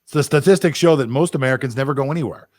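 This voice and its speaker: A man's voice: medium pitch, very fast, darkish tone, a little hiss or hum. A man co-hosting a sports podcast, talking bluntly and jumping from one strong opinion to the next. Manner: blunt, opinionated, jumps between thoughts. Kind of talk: casual sports chat.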